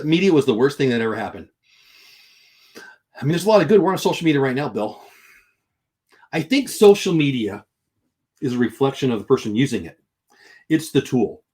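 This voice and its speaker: A man's voice: mid-range voice, expressive, fairly quick, long pauses, a little mellow, husky. A middle-aged man hosting a casual livestream, reading chat comments aloud and ranting in an exasperated, opinionated way.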